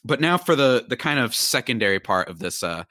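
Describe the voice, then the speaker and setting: Male podcast host, bright and energetic, dry studio sound, casual sports chat. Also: medium pitch, brisk, dry recording. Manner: upbeat, hyped intro with big swoops.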